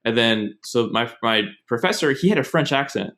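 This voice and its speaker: A man's voice: medium pitch, animated, normal speed, a bit bright. A young man hosting a podcast, telling stories in a loose, rambling, casual way. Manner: rambling, digressive storytelling. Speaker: podcast host. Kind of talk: casual chat.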